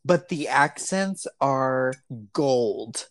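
A man co-hosting a podcast, chatting in a relaxed, rambling way full of fillers. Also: mid-range voice, drawn-out words, dry recording. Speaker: podcast co-host. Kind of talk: casual chat.

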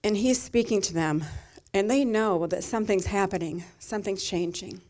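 A woman's voice: mid-range voice, normal speed, darkish tone. A middle-aged woman pastor giving a sermon, telling a personal story in a tender, emotional way.

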